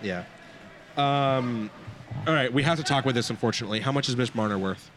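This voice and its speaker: A man hosting a casual hockey podcast, telling animated, jokey stories to his co-hosts. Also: medium pitch, brisk, a little hiss or hum. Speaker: podcast host. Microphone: desk mic on broken stand.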